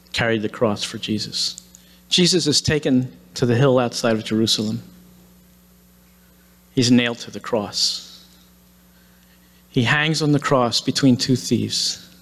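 A man's voice: mid-range voice, fairly bright tone. A man preaching, retelling a story dramatically and acting out the quoted lines. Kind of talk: sermon storytelling. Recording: long hall reverb.

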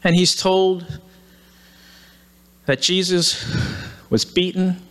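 A man's voice: high-pitched, steady tone, very slow, a bit bright. A man preaching, retelling a story dramatically and acting out the quoted lines. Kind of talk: sermon storytelling. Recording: long hall reverb.

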